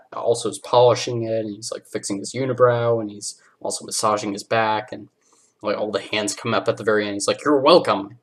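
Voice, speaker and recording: A man hosting a podcast, casually recapping a cartoon episode with lots of fillers, now and then jumping into character voices. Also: on the low side. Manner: rambling, filler-heavy, acts out character lines. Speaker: podcast host.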